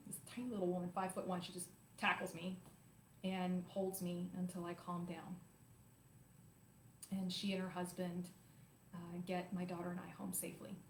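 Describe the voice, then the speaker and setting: A woman in her forties, hosting her own show, telling a personal story to viewers in an animated, emotional, confiding way. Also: lowish voice, slight background noise. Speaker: host. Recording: roomy echo, faint ambience.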